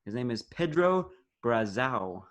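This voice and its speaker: A teenage man runs a quiz on a casual sports podcast, recorded over a video call. His voice sits at a middle pitch. He teases his friends in an upbeat way. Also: big pitch swings, unhurried, a bit bright. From United States. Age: teens. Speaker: podcast co-host and quizmaster.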